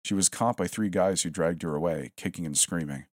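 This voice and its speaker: A man narrating a horror story in a steady, tense storytelling manner. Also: deep voice, brisk, no room sound, studio quality.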